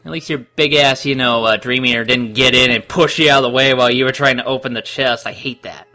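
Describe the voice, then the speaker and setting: A man giving animated, laugh-filled commentary on a video game, sharing trivia along the way. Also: mid-range voice, fast, faint music behind. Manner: animated, giggly, full of trivia. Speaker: let's play co-commentator. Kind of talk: casual gameplay commentary.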